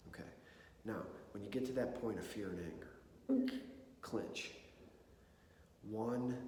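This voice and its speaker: A man's voice: lowish voice, a little hiss or hum. A man giving a conversational talk to an audience on mental preparedness, often checking in with "okay?" and "right?". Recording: echoey hall with long reverb.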